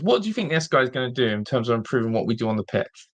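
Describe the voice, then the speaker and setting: A man's voice: mid-range voice, animated, fast talker, a bit bright. A man hosting a live-streamed football fan show, ranting in exasperation and repeating himself. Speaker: fan channel host.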